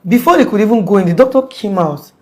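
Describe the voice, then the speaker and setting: A woman's voice: mid-range voice, lively intonation, fast, dark tone. A young Nigerian woman giving a rambling, conversational interview account, full of "like" fillers and restarts. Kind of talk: casual spoken account.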